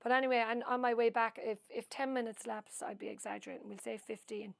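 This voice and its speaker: Gravelly Irish woman telling a long story. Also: a little high, steady tone, fast talker, dry recording. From Ireland. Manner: long-winded storyteller who adds asides. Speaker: oral history interviewee. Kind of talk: rambling spoken recollection.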